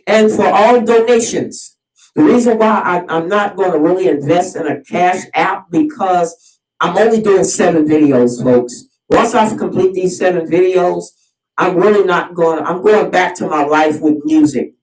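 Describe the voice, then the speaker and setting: A woman's voice: fairly low pitch, moderate pace, darkish tone. A woman delivering an impassioned solo monologue as host of her own video series, preachy and fired up, often repeating and restarting her phrases. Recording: roomy sound, mic at a distance.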